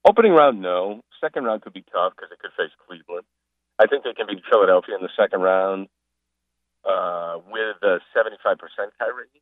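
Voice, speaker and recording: A man chatting casually as a guest on a radio show, an animated storyteller who mimics the people he describes. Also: on the low side, fairly quick, no echo. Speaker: sports broadcaster and guest. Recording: phone line.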